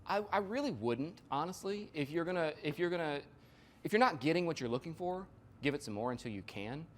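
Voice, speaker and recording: A man's voice: fairly high pitch, lively intonation, a little fast. A man presenting a live workshop, explaining ideas through examples and analogies and checking in with "right?" and "you know". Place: workshop room.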